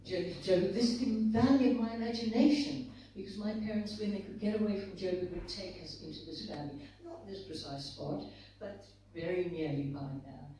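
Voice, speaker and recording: A woman's voice: medium pitch, brisk, warm tone, far from the mic, slight background noise. An older woman from South Africa, an author and guest speaker, talking reflectively and telling stories in a conference conversation. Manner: reflective, storytelling, talks through pictures shown to the audience. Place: conference hall. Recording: very echoey hall, voice from off-mic.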